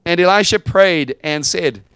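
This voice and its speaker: A man preaching a sermon as pastor, dramatic, swinging from quiet asides to shouted lines. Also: high voice, measured pace, clear, resonant tone, dry recording.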